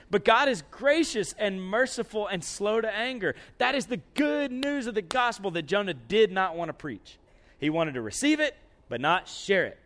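A man preaching a lively, conversational sermon. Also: high-pitched.

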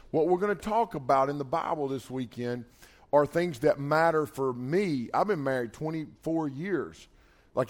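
A man in his forties preaching to young people in a casual, emphatic way. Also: on the high side. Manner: casual, emphatic, builds to loud urging. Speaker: pastor.

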